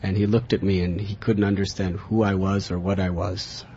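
A man from America, telling a personal spiritual story in an earnest, lively way, recorded in a dull, lo-fi recording. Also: low-pitched, normal speed. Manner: earnest, animated in tellings, chuckling. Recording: dull lo-fi recording with faint hiss.

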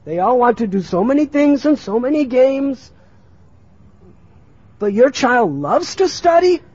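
Shrill, scolding village parents, put on by a man, their voices jumping very high and pushing hard with indignation. The sound is muffled and lo-fi. The delivery is husky at the edges and insistent. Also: sing-song, unhurried, darkish tone, no echo, exaggerated voice. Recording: muffled lo-fi recording.

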